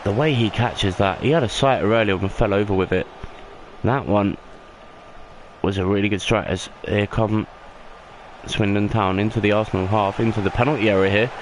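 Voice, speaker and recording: A young man doing excitable play-by-play football commentary over a video game he is playing. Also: normal speed, slight background noise, poor audio. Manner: excitable play-by-play, rising in pitch on big moments. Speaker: gaming YouTuber.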